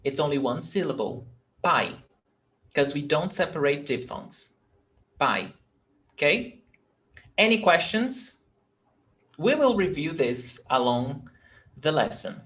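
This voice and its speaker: Slow patient language teacher, says words over and over, mixes english and portuguese. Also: mid-range voice, very animated, a bit bright. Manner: patient, repeats and sounds out words, switches between English and Portuguese. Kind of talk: live online language class.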